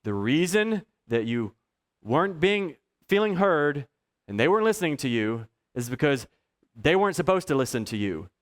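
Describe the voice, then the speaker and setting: A man's voice: on the high side, moderate pace. A man preaching a sermon, telling personal stories and chuckling often. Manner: chuckles often, lively storyteller. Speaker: pastor.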